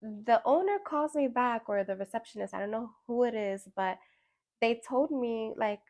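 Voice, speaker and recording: A woman's voice: a little high, normal speed. Chatty woman leading a full moon ritual. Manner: conversational, many fillers and tag questions; animated storytelling with acted-out quotes. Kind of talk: casual reflective spiritual talk.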